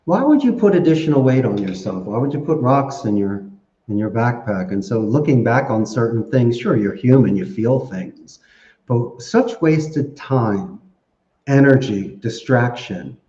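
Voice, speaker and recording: A man giving animated, story-filled interview answers and laughing often. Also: mid-range voice, unhurried. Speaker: podcast guest. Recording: echoey, dull lo-fi sound.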